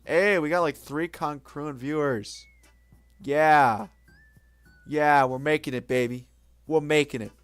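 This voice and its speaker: A man's voice: a little high, takes it slowly, pauses often, clean tone, soft background music. A young man streaming late at night, chatting casually with viewers in a rambling, self-mocking way, swearing now and then.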